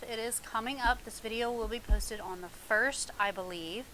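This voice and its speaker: A woman's voice: a little high, fairly even intonation, moderate pace, few pauses, bright, forceful tone, a little hiss or hum, low-quality recording. A woman chatting casually at home in a mukbang vlog, rambling with lots of ums and little laughs. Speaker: vlogger. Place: home, alone in the house. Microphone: mic in front of her.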